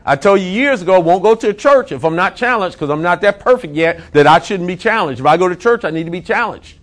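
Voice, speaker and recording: A male pastor preaches a sermon in a high, animated voice. He's emphatic, repeating phrases and slowly drawing out key words.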